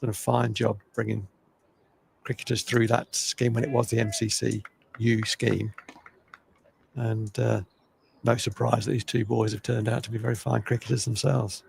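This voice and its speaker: An older man giving chatty, opinionated live cricket commentary, with a gravelly voice. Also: mid-range voice, level tone, moderate pace, a little hiss or hum. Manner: chatty, opinionated, self-deprecating.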